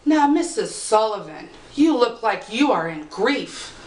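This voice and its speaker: A wise old cunning woman of the village, as a woman storyteller puts her on, slow and knowing, spelling out grim remedies. Her fairly high voice carries through a roomy space, heard from a way off. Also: very animated. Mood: grave. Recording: roomy, distant mic.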